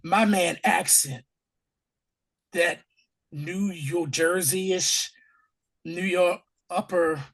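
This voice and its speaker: Male podcast host, hoarse and husky, casual animated recap style. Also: sits high, extremely slow, pauses often. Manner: animated, acts out scenes in character voices. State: hoarse from allergies. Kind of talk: casual TV episode recap chat.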